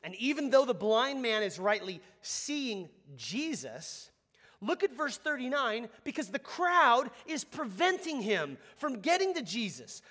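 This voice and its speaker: A man preaching a sermon, animated and conversational, leading the congregation in call-and-response. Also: very high voice, a little slow. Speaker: pastor.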